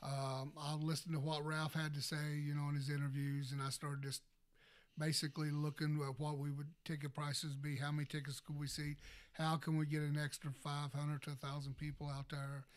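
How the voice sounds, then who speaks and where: A man's voice: fairly high pitch, monotone, normal speed. A man in a casual radio interview as a city parks and recreation director, answering steadily with many hesitations.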